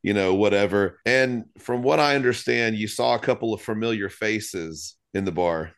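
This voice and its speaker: A man hosting a casual chat, relaxed, prompting the others with questions. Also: on the low side, moderate pace. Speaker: podcast host.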